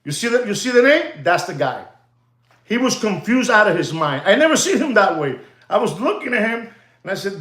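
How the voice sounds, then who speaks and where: A man's voice: high-pitched, big pitch swings, a little fast, a bit bright, echoey room. A man, rambling in casual livestream chat with viewers, repeating himself and laughing often. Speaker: watch dealer hosting a livestream.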